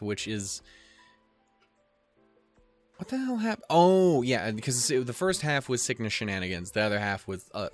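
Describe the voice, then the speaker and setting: A young man hosting a let's play, rambling and swearing with self-mocking jokes and stumbling over the game text he reads aloud. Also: lowish voice. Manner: rambling, profane and self-mocking, with goofy put-on quotes. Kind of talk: casual let's play commentary.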